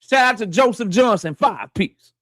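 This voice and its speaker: A high-pitched man talks casually into a dry, close mic from his office. He hosts a live stream, cursing freely and greeting viewers one after another. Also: lively intonation, normal speed, no room sound. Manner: loose, profane, shouting out viewers by name. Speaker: boxing live-stream host. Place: home office.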